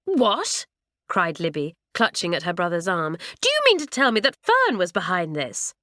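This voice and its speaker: A woman voicing a stubborn, earnest schoolgirl in an audiobook, pitching her voice up. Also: lively intonation, moderate pace, a bit bright, dry recording, clean studio sound. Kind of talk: audiobook character reading.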